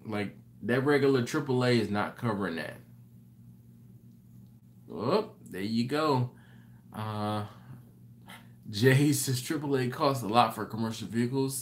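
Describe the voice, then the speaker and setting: A tired man hosting a live stream late at night. He talks slowly and unhurriedly, rambling as he reads out viewer comments. He keeps correcting himself and apologizing. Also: on the low side, lively intonation, slight background noise. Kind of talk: casual live chat reading viewer comments.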